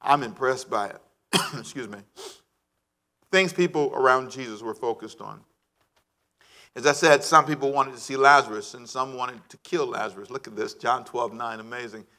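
A male pastor preaching a sermon, animated and calling on the congregation to answer back. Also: mid-range voice, normal speed.

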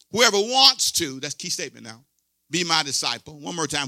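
A man's voice: fairly high pitch, lively intonation, fairly quick, bright, forceful tone, no room sound, studio quality. A pastor in his sixties preaching a sermon with emphatic, repetitive call-and-response delivery.

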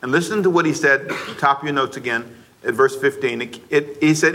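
Bright-voiced, emphatic preaching man. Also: mid-range voice, fairly quick. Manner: emphatic, repeats phrases and calls on the congregation to answer. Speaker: pastor. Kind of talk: sermon. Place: church before a congregation.

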